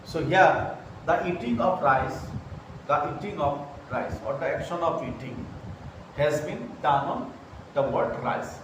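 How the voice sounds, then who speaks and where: A man explaining grammar at a slow, deliberate pace, repeating each point and checking in with "okay". His voice sits a little high for a man. It is heard from a distance in a very echoey room with clear background noise. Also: expressive. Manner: slow, repeats phrases, says "okay" often. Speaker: English teacher. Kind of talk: slow grammar lesson at a whiteboard. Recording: very echoey room, mic far off, noisy.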